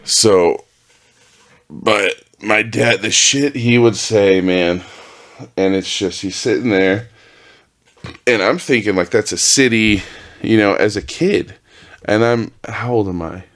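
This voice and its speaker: A man's voice: fairly low pitch, slow, long pauses, a bit bright. A man in his thirties, hosting a podcast at home, telling a rambling, profane story full of restarts and asides. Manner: rambling, profane, self-interrupting. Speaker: podcast host. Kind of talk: casual solo storytelling. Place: home with dogs.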